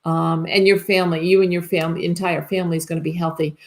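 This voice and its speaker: A psychic medium gives a live reading in a fast, flat, lowish voice. She comes across as tentative and reassuring, often checking whether she's got things right.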